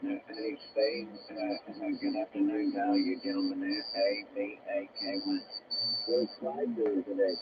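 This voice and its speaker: A man's voice: a little high, huge pitch swings, unhurried, gravelly, long pauses, highs cut off. A man greeting everyone on a ham radio net in a laid-back way, his signal faint and distant. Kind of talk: casual radio chat. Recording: weak distant shortwave signal with static.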